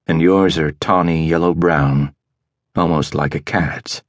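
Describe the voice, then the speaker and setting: A man voicing a rich, powerful man who talks quietly, calm and commanding. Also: very deep voice, unhurried, no room sound, studio quality. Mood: calm, arrogant. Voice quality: quiet, soft-spoken.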